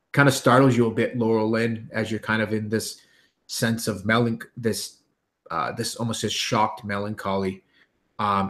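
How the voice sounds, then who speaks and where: A man narrating as game master of a tabletop game, halting with frequent ums and restarts. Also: fairly low pitch, fairly bright tone.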